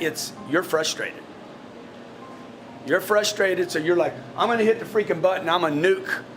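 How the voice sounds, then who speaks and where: A man's voice: fairly high pitch, a bit bright. A man coaching his sales staff in a live group session, blunt and profane, often repeating words as he restarts a thought. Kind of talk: blunt motivational coaching talk to a team.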